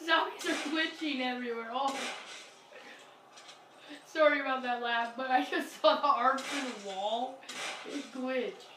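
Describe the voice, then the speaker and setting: A woman giving casual commentary over a zombie video game. She talks excitably, often exclaiming and apologizing to her viewers. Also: high-pitched, measured pace, pauses often. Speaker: gameplay commentator. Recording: roomy, distant mic, noisy game audio.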